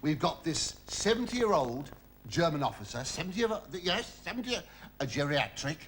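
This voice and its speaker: A man's voice: a little high, sing-song, fairly quick. An actor playing a cheeky army batman full of innuendo, chatty and fawning toward his colonel. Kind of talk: British sitcom acting. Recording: noisy recording with hiss.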